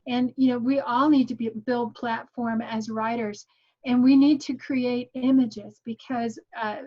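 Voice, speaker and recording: A woman's voice: on the high side, warm tone, highs cut off. A woman guest giving an online tutorial in an earnest, encouraging teaching manner. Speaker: guest teaching graphic design.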